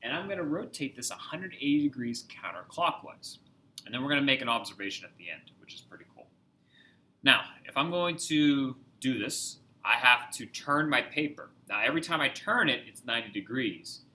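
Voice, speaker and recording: A man's voice: mid-range voice, expressive, moderate pace, bright, forceful tone. A man teaching a recorded math lesson, upbeat and joking, talking straight to his viewers as he works through examples.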